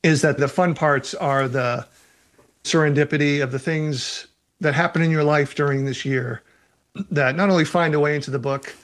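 A man who writes novels reads aloud from his book and answers reader questions in a relaxed way, laughing often. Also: fairly high pitch, moderate pace. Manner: relaxed, laughs often, uses fillers such as "you know".

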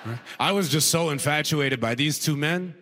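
A man performing a stand-up comedy routine, animated and laughing at his own jokes. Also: fairly high pitch, moderate pace. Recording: long hall reverb.

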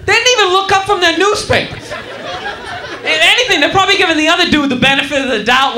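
High-voiced comic on a noisy club stage. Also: male voice, fast. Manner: animated storytelling, acts out characters, crowd laughing. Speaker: stand-up comedian. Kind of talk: live stand-up comedy. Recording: roomy live club recording with crowd.

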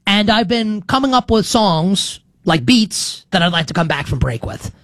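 A man's voice: high voice, sing-song, normal speed, a bit bright, dry recording. A man in his thirties hosting a sports betting show, talking in a loose, rambling monologue full of restarts and asides. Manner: chatty and rambling, with frequent restarts and "like". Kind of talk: casual talk-show monologue.

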